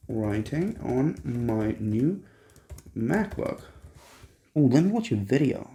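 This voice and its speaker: A young man filming a casual unboxing, excitable and swearing often, jumping between hushed whispers and squeals. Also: medium pitch, extremely slow, long pauses. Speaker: vlogger.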